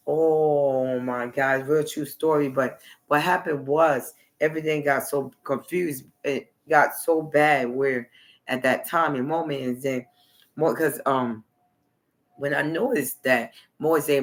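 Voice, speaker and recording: In a mid-range, fairly bright voice, a man runs a livestream, rambling and repeating himself. He regularly drifts off before finishing a sentence.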